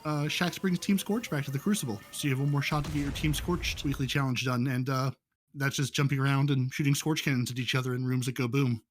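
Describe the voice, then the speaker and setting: A man's voice: mid-range voice, fast. A man hosting a casual gaming podcast, joking and often repeating words as he talks. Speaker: podcast host.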